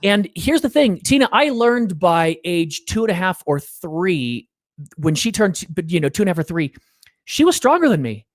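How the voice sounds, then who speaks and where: A man's voice: high-pitched, moderate pace, no echo, studio quality. A middle-aged man talking about his parenting experiences in an interview, acting out the people he quotes. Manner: animated storyteller, acts out quotes. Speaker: guest. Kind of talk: conversational interview.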